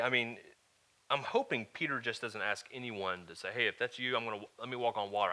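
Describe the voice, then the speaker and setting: A man preaching as a pastor, moving from loud, emphatic lines to quieter, earnest teaching and asking his listeners "all right?". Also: mid-range voice. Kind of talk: sermon.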